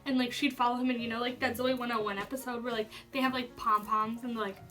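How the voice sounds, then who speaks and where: A young adult woman YouTuber tells a personal story to camera, chatty, saying "like" constantly and swearing freely. She talks fast with a fairly high, level, sharp-toned voice, heard through a distant mic with faint music behind.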